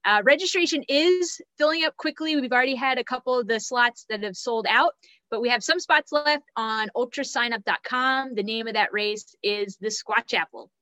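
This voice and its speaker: Bright, chatty woman hosting a live stream. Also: on the high side, moderate pace, no echo, poor audio. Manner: chatty, enthusiastic, laughs at names. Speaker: host and race director.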